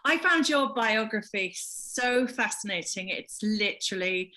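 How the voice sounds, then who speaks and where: Bright, enthusiastic woman co-host. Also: medium pitch, expressive, unhurried. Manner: enthusiastic, gushing. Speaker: podcast co-host and impressionist. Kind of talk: casual video-call chat.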